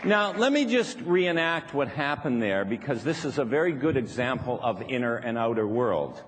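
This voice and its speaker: A man's voice: mid-range voice, a bit bright. A man giving a playful live workshop talk to an audience, laughing now and then and acting out little voices as he speaks. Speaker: seminar speaker. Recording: live hall recording with reverb.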